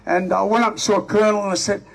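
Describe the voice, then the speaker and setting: An older man with an Australian accent giving a rambling, rousing speech at an outdoor rally, shouting to the crowd. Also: sits high, steady tone, racing, creaky. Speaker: rally speaker.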